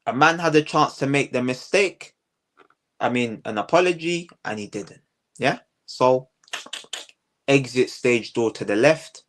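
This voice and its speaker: A man's voice: medium pitch, lively intonation, unhurried, fairly bright tone. A man hosting a casual commentary show, ranting heatedly and repeating himself, full of slang. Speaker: host.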